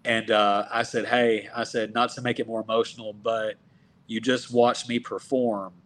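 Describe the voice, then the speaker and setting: A man's voice: on the low side, normal speed. Man, from Texas, 30s, wrestler guest, casual storytelling, acts out quotes. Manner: animated, acts out quoted dialogue.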